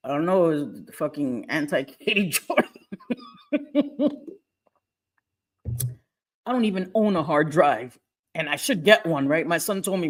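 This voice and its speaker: A woman's voice: sits low, big pitch swings, measured pace, pauses often. A middle-aged woman hosting a casual live stream from home, talking bluntly with lots of swearing and frequent laughter. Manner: blunt, profane and laughing often. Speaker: livestream host.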